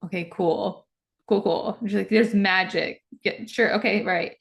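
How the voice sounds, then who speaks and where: A woman's voice: mid-range voice, steady tone, normal speed, gravelly. A woman co-hosting a podcast, riffing jokingly in casual chat about a book. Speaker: podcast co-host.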